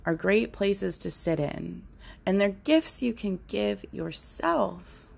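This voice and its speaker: Low, gravelly woman musing slowly. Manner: earnest, musing, slips into playful quoted voices. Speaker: podcast host. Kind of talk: unscripted reflective monologue.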